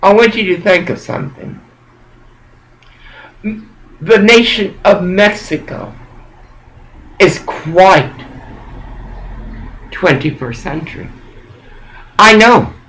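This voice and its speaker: A man giving a rambling, preachy monologue in an intense, halting way that circles back and repeats phrases. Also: sits high, big pitch swings, fairly bright tone, low-quality recording.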